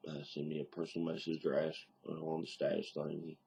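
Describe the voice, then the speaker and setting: A married man with a deep Southern accent, talking bluntly and casually to camera in a home video diary, plainspoken with mild cursing. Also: completely flat delivery, fairly quick, creaky, dark tone, breathy edge. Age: adult, married. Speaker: video diarist.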